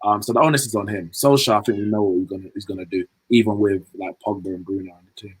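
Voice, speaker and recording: A man giving animated, joking football opinions as a podcast co-host. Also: fairly low pitch, fast, husky, dry recording, poor audio. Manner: animated, joking, uses fillers. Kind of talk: casual chat.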